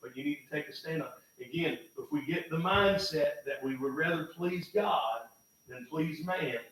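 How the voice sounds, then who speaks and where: A man preaching a sermon in a church, folksy and emphatic, swinging from loud bursts to low, quiet lines. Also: normal speed. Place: church sanctuary. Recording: echoey church from far off, faint noise.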